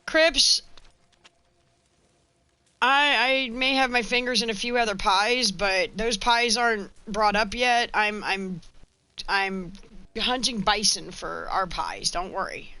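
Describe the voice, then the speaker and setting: A woman's voice: mid-range voice, unhurried, sharp tone, smooth, low-quality recording. A woman streaming a Western video game, chatting in a rambling, frank way as she plays. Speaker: gaming streamer. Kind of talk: casual let's-play chat.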